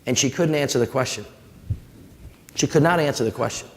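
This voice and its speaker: A man from New with a drawl, his voice gravelly and mid-pitched. He holds a live audience with folksy, animated stories and acts out the people in them. The sound carries a long hall echo. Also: brisk, a little hiss or hum. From New Orleans. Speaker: former mayor giving a public talk. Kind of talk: storytelling talk to a live audience.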